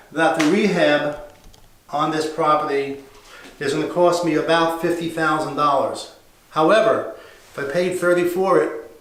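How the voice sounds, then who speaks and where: A man who invests in real estate, giving a casual, plain-spoken walkthrough of a house he is renovating, thinking aloud as he goes. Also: fairly high pitch. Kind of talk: walkthrough property tour. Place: empty house under renovation, indoors. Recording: echoey bare rooms.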